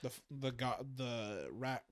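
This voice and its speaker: A man co-hosting a casual podcast chat about web novels, excitable and jumping up in pitch when he gets hyped. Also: measured pace, no room sound, clean studio sound. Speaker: podcast co-host.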